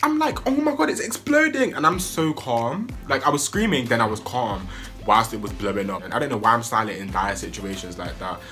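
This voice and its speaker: A young man, telling a wild story in an excitable, animated way that jumps into high yelps. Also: fairly quick, faint music behind. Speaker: vlogger. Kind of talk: storytime vlog.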